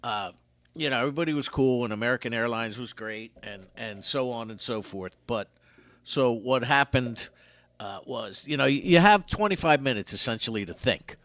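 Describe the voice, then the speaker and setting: Lively older man hosting radio. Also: medium pitch, normal speed, dry recording. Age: 60s. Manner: animated storyteller who acts out other people's lines. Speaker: radio show host. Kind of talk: casual radio chat, storytelling.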